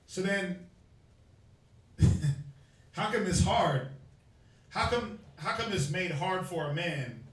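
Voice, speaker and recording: A man's voice: sits high, expressive, takes it slowly, long pauses, a bit bright. A man preaching to a crowd, firing questions at them in a call-and-response Bible teaching. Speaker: street preacher. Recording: echoey space, far from the mic.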